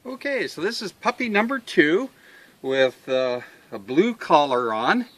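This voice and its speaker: Man, slow-spoken, halting with lots of fillers, fond coaxing tone to dogs, outdoors on a farm, camera mic. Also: on the high side, very animated, fairly bright tone. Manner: unhurried and halting, with many uh and um fillers. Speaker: dog breeder selling puppies. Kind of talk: casual farm video walkthrough.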